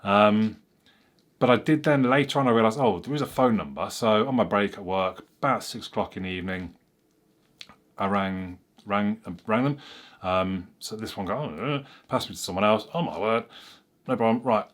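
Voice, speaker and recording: A man's voice: lowish voice, normal speed. A man, a tech reviewer casually telling a story to camera in a chatty, rambling way that often corrects itself.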